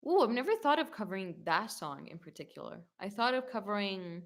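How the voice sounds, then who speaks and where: A young woman chats through viewer questions at a middling pitch. She rambles, fills her talk with "like" and often stops to correct herself. She sounds relaxed and unscripted. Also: brisk. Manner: chatty and rambling, with many "like" fillers and self-corrections. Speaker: YouTube singer answering fan questions. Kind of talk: casual Q&A chat reading viewer comments.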